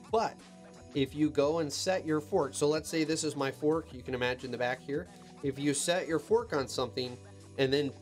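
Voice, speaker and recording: A medium-pitched man who operates heavy equipment hosts a casual live-stream Q&A from inside a machine cab, with faint music playing behind him. He reads viewer comments out loud and answers with loose, chatty advice.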